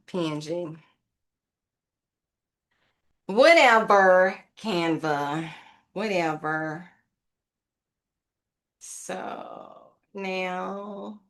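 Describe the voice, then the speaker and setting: A woman casually narrating a craft tutorial, thinking aloud and rambling to her viewers as she works. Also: fairly low pitch. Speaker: craft vlogger.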